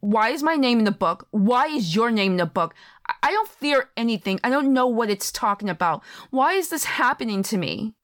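A woman's voice: lowish voice, lively intonation, measured pace, no room sound, studio quality. A woman voicing a frightened young writer caught up in a haunting, her questions anxious and disbelieving. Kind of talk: audio drama acting.

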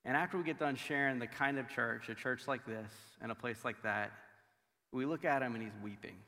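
A man's voice: medium pitch, fairly quick, pushed and bright. A man in his thirties, a pastor giving a sermon with humorous family stories, in a casual, filler-heavy storytelling manner. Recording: long hall reverb.

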